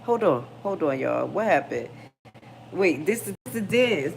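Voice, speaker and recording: A woman's voice: fairly low pitch, very animated, measured pace, vocal fry, noisy background. A middle-aged woman hosting a casual livestream, frank and slangy, talking straight to her viewers and reading their comments. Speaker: livestream host.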